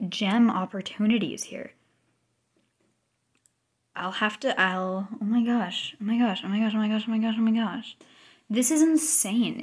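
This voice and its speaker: A woman giving excited gameplay commentary as a video creator, gushing with repeated exclamations and sometimes dropping to a whisper. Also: mid-range voice.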